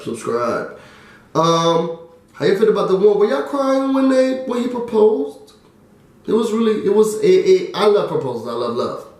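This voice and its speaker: A man recapping a TV show in a casual, excitable chat, trailing off with fillers. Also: high voice. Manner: chatty and excitable, drops fillers and "da, da, da". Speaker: TV recap vlogger. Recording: very echoey room.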